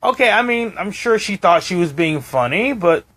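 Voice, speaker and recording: Lively, high-pitched male storyteller. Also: moderate pace. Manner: animated storytelling, acting out quoted voices, many restarts. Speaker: co-host. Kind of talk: casual chat on a live stream.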